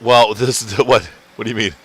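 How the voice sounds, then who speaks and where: A gaming channel host plays a let's-play at home indoors, rambling, chatty, and laughing often. His mid-range voice is steady in tone and he talks briskly.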